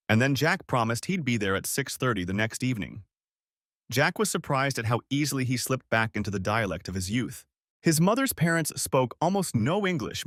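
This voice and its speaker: A man narrating an audiobook story in an expressive way. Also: medium pitch, no room sound, studio quality.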